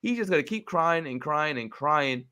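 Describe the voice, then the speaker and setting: A man's voice: on the high side, animated, moderate pace, sharp tone, smooth. A man co-hosting a sports podcast, ranting emphatically and repeating his points in a heated debate. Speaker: podcast co-host.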